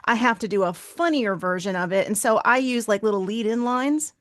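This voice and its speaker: A woman's voice: a little high, brisk, dry recording, clean studio sound. A woman hosting an interview podcast, chatting casually and encouraging her guest. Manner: chatty, encouraging, frequent backchannel and laughs. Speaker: podcast host. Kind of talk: conversational interview.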